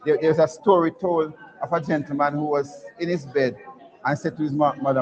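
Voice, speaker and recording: A man's voice: on the high side, steady tone, a little fast. Jamaican man, principal telling stories. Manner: storytelling, jokey, asks the crowd "right?". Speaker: school principal. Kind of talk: casual talk to students at a career day. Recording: muffled recording with a crowd around.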